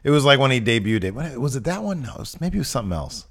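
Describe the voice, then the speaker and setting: Man, casual chat, animated delivery, playful, wide pitch swings. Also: very fast, gravelly. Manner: animated, jokey, reads fan letters. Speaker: wrestling podcast co-host. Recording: live-streamed show set.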